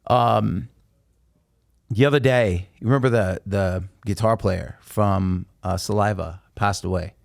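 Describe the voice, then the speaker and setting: Animated man telling stories, dry sound. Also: on the low side, unhurried, gravelly, dry recording. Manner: animated, emphatic storyteller. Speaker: podcast guest. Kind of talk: casual storytelling.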